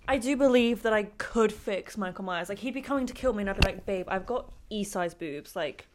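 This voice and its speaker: A young woman co-hosting a casual chat podcast from a home bedroom. She talks in a loose, chatty way, swears without a second thought and laughs often, at a mid pitch. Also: fairly quick, background noise. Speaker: podcast co-host. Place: decorated bedroom.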